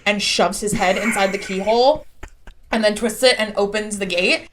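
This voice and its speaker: A woman's voice: mid-range voice, steady tone, normal speed, noisy background. A young adult woman co-hosting a podcast, chatting casually and filling her speech with "like". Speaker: podcast co-host. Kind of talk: casual chat.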